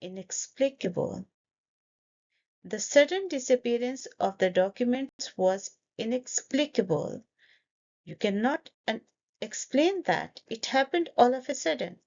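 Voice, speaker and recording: A woman teaching English pronunciation, breaking a word into syllables and repeating it slowly for learners. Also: fairly high pitch, expressive, a little mellow, dull audio. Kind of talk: slow, deliberate pronunciation lesson.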